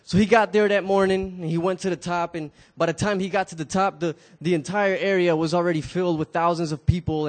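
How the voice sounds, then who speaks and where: A man with a high voice for his sex tells a story to a gathered audience in a loose, casual way. He often stammers, restarts and repeats words, and he speaks straight to his listeners.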